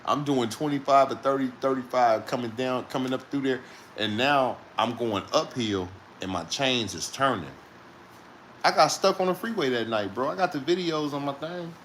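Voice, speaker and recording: A man's voice: mid-range voice, normal speed, a bit bright, slight background noise. Profane, laughing man telling road stories. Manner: profane, rambling, laughing between lines. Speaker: truck driver telling a story. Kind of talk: casual storytelling.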